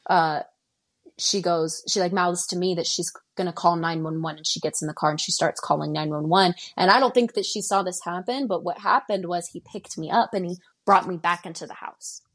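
A woman's voice: fairly low pitch, brisk. Young woman from Denver telling her story. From Denver, Colorado. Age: 20s. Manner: tells events in present tense, acting out dialogue. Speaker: guest. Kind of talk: recounting a personal story.

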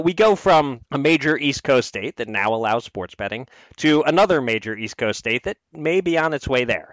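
A man's voice: mid-range voice, a bit bright, no room sound. A man from Philadelphia hosting a casual podcast, chatty with frequent restarts. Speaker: podcast host.

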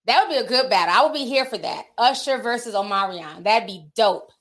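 Briskly reading viewer super chats, this woman hosts a relaxed stream with lively intonation and a fairly high, fairly bright voice. She's candid and chatty, laughing often and throwing in slangy comments.

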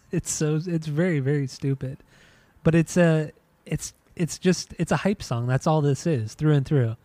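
A man's voice: a little high, unhurried, warm tone, no echo. A man hosting a podcast, chatting in a laid-back, enthusiastic way and swearing casually. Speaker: podcast host. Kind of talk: casual chat.

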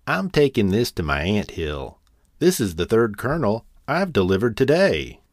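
A man's voice: on the low side, sing-song, normal speed, no room sound, clean studio sound. A man doing a stern hardworking ant. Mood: earnest. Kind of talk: storybook reading.

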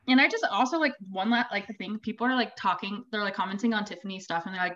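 A woman's voice: on the high side, fast, hardly any pauses, a bit bright. Blunt woman with a Maryland accent. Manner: blunt, laughing, offhand. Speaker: podcast guest. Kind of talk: casual podcast chat. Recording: dull, lo-fi remote podcast audio.

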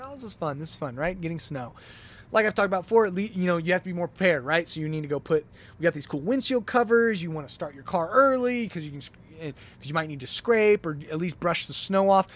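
A man hosting a podcast, telling a long everyday story in a casual, animated way and acting out his own exclamations. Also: on the high side. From lives in Denver, Colorado. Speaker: podcast host.

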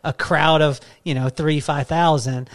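A middle-aged man hosting an interview, telling a family story in a relaxed way and quoting people as he goes. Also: a little high, measured pace. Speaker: podcast host. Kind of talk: casual interview chat.

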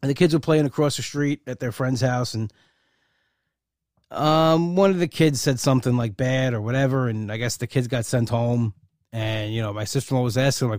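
A man's voice: medium pitch, moderate pace, darkish tone, dry recording, studio quality. A man in a casual personal monologue, rambling with many fillers and restarts, heartfelt and proud. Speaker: uncle and godfather.

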